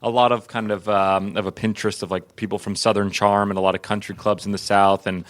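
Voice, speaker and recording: A man's voice: fairly low pitch, flat delivery, fairly quick. A man chatting as an actor guest in an interview, laughing often and talking in loose, restarting sentences. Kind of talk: casual interview chat.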